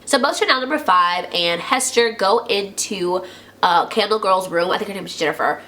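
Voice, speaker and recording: A woman's voice: mid-range voice, moderate pace. A woman chattily recapping a TV episode for her channel, full of "like" and acting out quotes. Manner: chatty, heavy use of "like", acts out quotes in lively voices. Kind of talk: casual TV recap.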